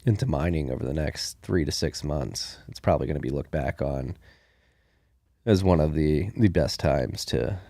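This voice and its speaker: A man's voice: very deep voice, moderate pace, warm tone, no echo, studio quality. A man co-hosting a podcast, chatting casually about the news and thinking aloud with plenty of fillers. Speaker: podcast co-host.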